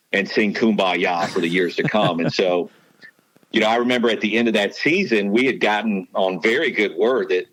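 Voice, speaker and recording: A man's voice: lowish voice, fairly bright tone, no echo, low-quality recording. A man, a sports broadcaster and podcast guest, telling stories in casual chat with many restarts and asides.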